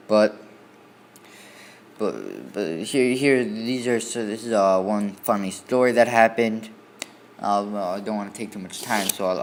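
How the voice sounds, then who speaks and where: A man's voice: lowish voice, slight background noise. A man casually telling a story in the first person, rambling with many restarts and repeated fillers. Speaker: student storyteller.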